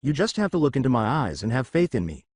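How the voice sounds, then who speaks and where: An earnest young male ninja from a fan-made story, read by a man. He speaks plainly and sincerely, with a voice that moves a lot in pitch. The sound is dry and close. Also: very animated, fast, darkish tone, husky, no room sound.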